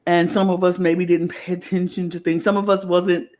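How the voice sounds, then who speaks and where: A woman co-hosting a casual podcast chat, talking in an animated way and acting out the quoted lines she retells. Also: on the low side, moderate pace. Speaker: podcast co-host.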